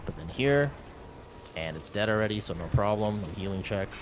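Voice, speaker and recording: A man streaming a game, calmly talking through his play and chatting with viewers in a relaxed, thinking-aloud way. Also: fairly low pitch, a little fast, noisy background. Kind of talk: live gameplay commentary and casual chat.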